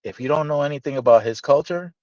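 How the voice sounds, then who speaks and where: A man telling a story in casual podcast chat, animated and profane, acting out the dialogue. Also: fairly high pitch, quick pace, no room sound. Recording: dull, slightly lo-fi dry sound.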